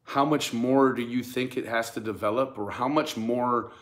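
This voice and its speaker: This man, who runs a true crime channel on YouTube, has a medium-pitched voice with fairly even intonation and a normal pace. In a casual commentary rant, he addresses his audience and detractors directly, forcefully, with frequent stammers and repeated words.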